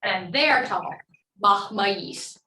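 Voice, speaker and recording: A woman's voice: mid-range voice, lively intonation, takes it slowly, pushed and bright, reverberant, recorded from a distance, low-quality recording. A woman teaching a language class online, upbeat and encouraging as she models words for students to repeat.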